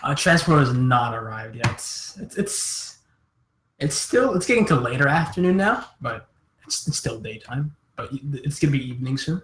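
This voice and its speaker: Male game master, halting narration, roomy sound. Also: mid-range voice, big pitch swings, a bit bright. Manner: halting, restarts mid-phrase.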